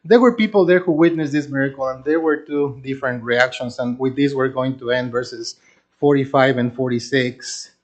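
A pastor preaches a sermon in an earnest, emphatic way, slowing down to stress key phrases. His voice sits at a medium pitch with fairly even intonation, and the audio sounds dull.

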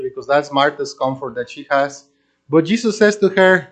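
A man preaching a sermon, earnest and emphatic, slowing down to stress key phrases. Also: fairly high pitch. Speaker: pastor.

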